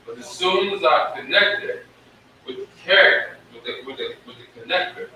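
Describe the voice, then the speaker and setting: A man teaching a live-streamed Hebrew lesson, slowly sounding out syllables at a board. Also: high voice, expressive, sharp tone, slight background noise. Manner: slow, drawn-out sounding of syllables. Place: room with a whiteboard. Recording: echoey room, mic at a distance.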